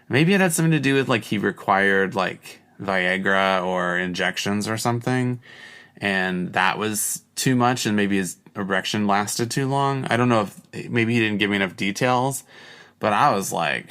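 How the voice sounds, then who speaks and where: A man's voice: lowish voice, normal speed, fairly bright tone, smooth. A man hosting a podcast alone, rambling casually with lots of "like" and crude jokes. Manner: rambling, heavy use of "like", crude joking. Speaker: podcast host. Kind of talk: casual solo monologue.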